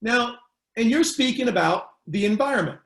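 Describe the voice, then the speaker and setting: A man giving a webinar lecture on public speaking, measured and emphatic, addressing one listener by name. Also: very high-pitched, lively intonation, vocal fry. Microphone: webinar mic. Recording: echoey room.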